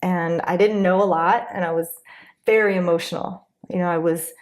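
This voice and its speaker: A woman with a slightly low voice chats as a guest in a relaxed interview. She speaks openly and from the heart, drifting through loose, rambling sentences full of small fillers. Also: normal speed. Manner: open, heartfelt, rambling with many "you know"s. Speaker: guest, Reiki master and instructor. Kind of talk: casual interview chat.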